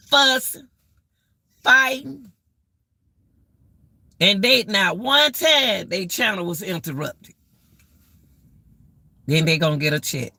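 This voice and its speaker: A middle-aged woman hosts a live stream and rants to her viewers in a slow, drawn-out way. Her voice is gravelly with a bright, tense edge. The sound is dry, and she keeps circling back to the same exclamations. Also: on the low side, dry recording. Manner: exclaiming, repeats herself, addresses viewers as y'all. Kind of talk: casual live-stream rant.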